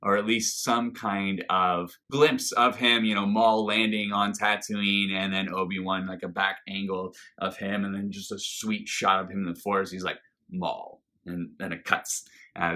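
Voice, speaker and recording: Excitable male video reviewer, low voice with a bright edge, rambling. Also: normal speed. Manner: enthusiastic, rambling with fillers and restarts. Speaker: reaction video host. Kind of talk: casual review monologue.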